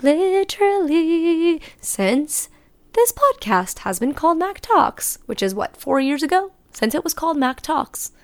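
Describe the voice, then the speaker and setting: A woman's voice: high voice, very animated, unhurried. A woman hosting her own unscripted solo podcast, talking candidly and rambling, correcting herself as she goes and swearing casually. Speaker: podcast host.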